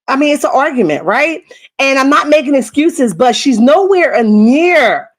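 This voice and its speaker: Animated woman gossip host. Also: a little high. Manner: animated, emphatic, repeats okay and right. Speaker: commentary channel host. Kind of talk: casual gossip commentary.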